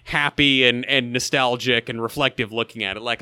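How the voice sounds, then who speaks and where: A man co-hosting a casual podcast, recapping a TV episode in an animated, wry and critical way with quick asides. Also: medium pitch, smooth, no room sound. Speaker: podcast co-host.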